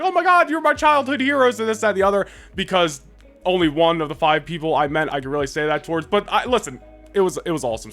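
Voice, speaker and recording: A young man in his twenties rattles off a vlog story at a quick clip, in a somewhat high voice. He rambles and restarts constantly, loose and excitable. Faint music plays underneath. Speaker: vlogger. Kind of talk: casual storytelling to camera.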